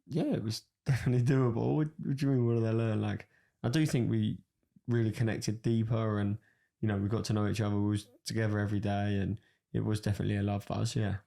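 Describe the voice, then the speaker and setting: A young man answers questions in a relaxed podcast chat, halting and laid-back, a little defensive. His voice is mellow and dark, with a gravelly texture. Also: on the low side. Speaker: podcast guest, host's boyfriend. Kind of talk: casual couple chat.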